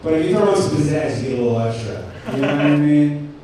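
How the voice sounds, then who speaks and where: Fast and lively in his intonation, a stand-up comic with a fairly high, mellow voice rambles through self-deprecating material, full of ums and restarts. He's at an indoor cafe open mic, captured by a distant mic in a very echoey room with faint noise.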